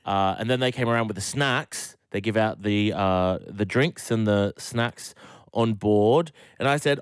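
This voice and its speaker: A man's voice: lowish voice, measured pace, clean tone, no room sound, studio quality. A young Australian man co-hosting a breakfast radio show, telling a story with chatty fillers and chuckles. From Sydney, Australia. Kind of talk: casual on-air chat. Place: radio studio.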